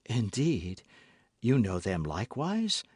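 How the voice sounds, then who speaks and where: Male reader's scheming noblewoman: smooth, feigned warmth, lively pitch, dry close mic. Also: slow pace, dry recording, full character voice. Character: scheming noblewoman, cold, cunning, falsely sweet.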